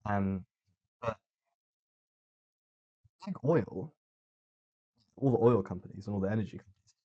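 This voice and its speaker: A young man rambles through a casual solo podcast, sardonic and full of fillers. His voice sits low and husky. The recording sounds dull and lo-fi. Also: fairly even intonation, quick pace. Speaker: podcast host.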